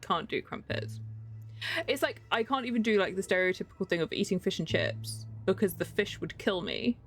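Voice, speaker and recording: A woman's voice: medium pitch, brisk. A young English woman streaming a game, chatting casually, rambling and giggling between thoughts. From England. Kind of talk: casual live-stream chat.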